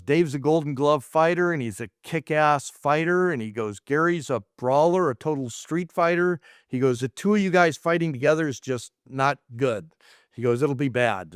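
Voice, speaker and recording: A man's voice: mid-range voice, clean tone, no echo, studio quality. A middle-aged man, a martial arts instructor, casually rambling through anecdotes and acting out quoted dialogue. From United States. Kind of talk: casual storytelling.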